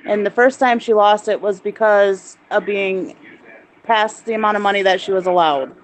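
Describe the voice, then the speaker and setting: A woman's voice: mid-range voice, moderate pace, rough recording. A woman hosting a live stream, explaining things at length in a chatty, rambling way. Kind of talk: casual chat.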